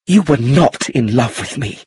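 A cool, composed wife speaks in a husky, breathy voice with unhurried, measured phrasing, as a male reader puts her on. The sound is dry and close, with no room around it. The lines move between lively rises and soft drops. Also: mid-range voice, heavily acted. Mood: bitter. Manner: calm and measured, sometimes bitter. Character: composed, cool-headed upper-class wife. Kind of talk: audiobook character reading.

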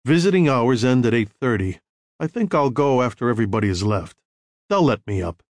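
A man voicing a guarded, wry young American ex-soldier in an audiobook, calm and dryly humorous. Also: medium pitch, brisk, dry recording, clean studio sound, close to an everyday voice. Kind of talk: audiobook character reading.

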